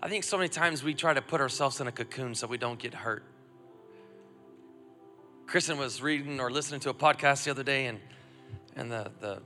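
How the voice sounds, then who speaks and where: A man, a father of a young son, preaching a sermon and calling on the congregation to repeat phrases back, swinging between loud urging and hushed reflection. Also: medium pitch. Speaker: pastor. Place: church auditorium. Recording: long hall reverb, music faint behind.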